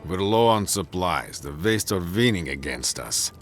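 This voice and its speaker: A man voicing a gruff, weary male dwarf tower commander in a video game, speaking grimly and bluntly. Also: low-pitched, expressive, measured pace, soft background music. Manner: grim, blunt, gravelly.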